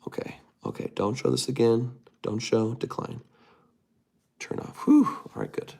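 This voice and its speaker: A man's voice: medium pitch, expressive, a little slow, gravelly, a little mellow, husky. A man hosting a casual livestream, reading viewer comments aloud and muttering to himself while he types. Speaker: livestream host.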